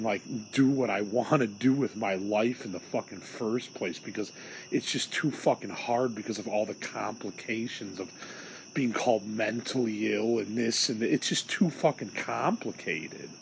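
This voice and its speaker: A man's voice: on the low side, creaky, a little hiss or hum, rough recording. A young man from Illinois hosting a solo podcast, venting in a rambling, profane, agitated way. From Illinois, USA. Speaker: podcast host.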